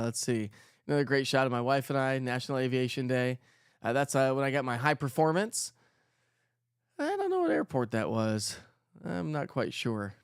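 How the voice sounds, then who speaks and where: A man's voice: medium pitch, clean tone, no room sound, studio quality. Chatty man hosting live. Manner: chatty, reads viewer comments aloud, frequent "uh" restarts. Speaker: weather show host. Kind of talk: casual livestream chat.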